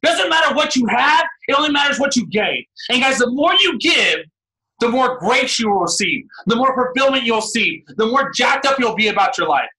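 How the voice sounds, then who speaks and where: A man in his thirties giving a fired-up motivational pep talk on a team call, shouting often and calling the listeners "guys" and "man". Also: very high-pitched, big pitch swings, normal speed, rough recording. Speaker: guest speaker on a team call.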